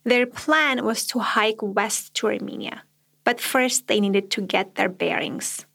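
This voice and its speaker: Creaky-voiced woman narrating a documentary story. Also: medium pitch, a bit bright. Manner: measured storytelling, reflective. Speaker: podcast host and narrator.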